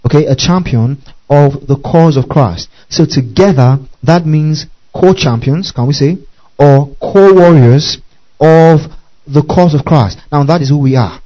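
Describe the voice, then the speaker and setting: A man's voice: fairly high pitch, a little slow, dark tone, lo-fi sound. A man preaching a sermon, spelling out words letter by letter and calling on his listeners to repeat after him. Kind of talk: sermon teaching.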